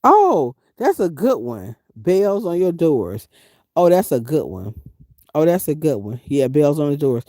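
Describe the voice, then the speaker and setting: Animated woman with lively, swooping pitch. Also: measured pace, no echo. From US Midwest. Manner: animated, emphatic storytelling with big pitch swings. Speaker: van-life vlogger. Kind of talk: casual livestream chat.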